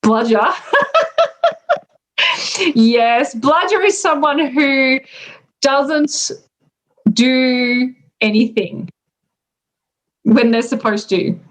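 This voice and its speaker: An Australian woman explaining local slang in a relaxed, chatty way, pausing with ums as she goes. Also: sits high. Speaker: native speaker explaining slang. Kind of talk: casual explanation.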